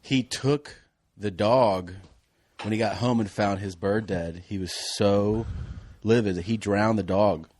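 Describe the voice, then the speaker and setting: Low-voiced, blunt male comedian, dry sound. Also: a little slow, darkish tone, dry recording. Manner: blunt, profane storytelling. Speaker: podcast guest, comedian. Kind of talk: casual chat.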